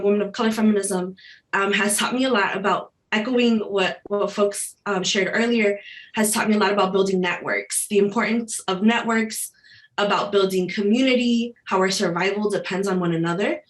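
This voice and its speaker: A woman's voice: mid-range voice, moderate pace. A woman from Chicago, a national organizer, speaking earnestly on a video-call panel, with many restarts. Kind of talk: panel discussion talk.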